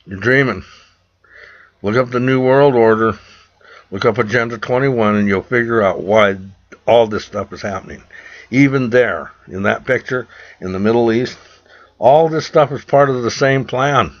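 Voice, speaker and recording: A man from the United States speaking straight to camera in an urgent, preachy rant, often repeating himself. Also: mid-range voice. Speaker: vlogger. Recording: dull lo-fi recording.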